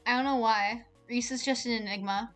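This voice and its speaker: A woman's voice: fairly high pitch, steady tone, a bit bright, faint music behind. Rambling, joking woman streamer. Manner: rambling, joking, fast with fillers. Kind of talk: casual chat while reading a visual novel aloud.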